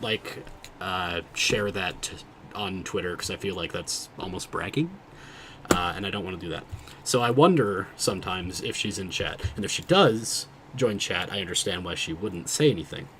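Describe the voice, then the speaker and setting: A man streaming a video game, chatting casually with his viewers and thinking out loud, often cutting himself off mid-sentence. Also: low voice, lively intonation, moderate pace, a little hiss or hum. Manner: rambling, self-interrupting, thinking out loud. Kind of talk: casual livestream chat while gaming.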